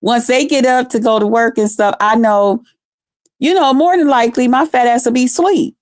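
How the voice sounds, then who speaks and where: A woman hosting a live stream, ranting in a blunt, profane, mocking way with drawn-out emphasis. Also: fairly high pitch, a little mellow, no room sound, clean studio sound.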